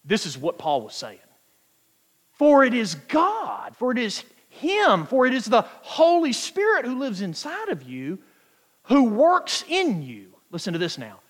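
A man preaching a sermon, emphatic and quoting scripture, stretching key words out slowly for weight. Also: extremely high pitch, wildly swooping pitch. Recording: long hall reverb.

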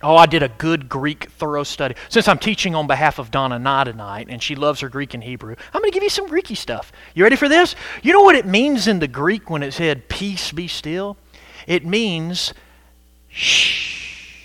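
Lively, high-voiced preaching man. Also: a little fast, hardly any pauses, no echo. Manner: animated and conversational, bursts into shouts for emphasis. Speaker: pastor. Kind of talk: sermon.

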